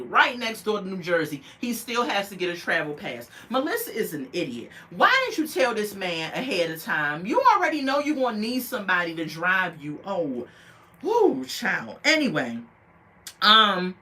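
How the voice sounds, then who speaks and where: Sassy woman recapping with bright, lively delivery. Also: mid-range voice, normal speed. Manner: sassy, animated storytelling with mocking quoted voices. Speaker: reality TV recap host. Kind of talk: casual recap commentary.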